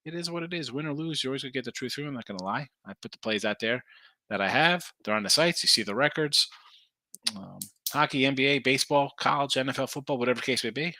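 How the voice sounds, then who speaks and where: A man hosting a sports betting podcast reads out viewer comments, chatting in a rambling, jokey way. He corrects himself and tosses in jokey asides, and his mid-range voice is fast, bright and forceful on a dry recording.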